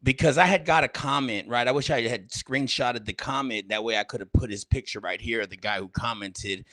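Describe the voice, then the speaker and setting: A man's voice: mid-range voice, a little fast, fairly bright tone, no room sound. A man hosting a casual livestream, chatting in slang straight to his viewers and a little out of breath. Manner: slangy, repetitive, talks straight to chat. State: slightly out of breath. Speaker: livestream host.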